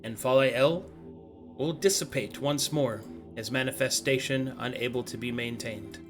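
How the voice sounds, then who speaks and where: A man narrating a tabletop game as game master, measured and formal, with music under him. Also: mid-range voice. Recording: faint background music.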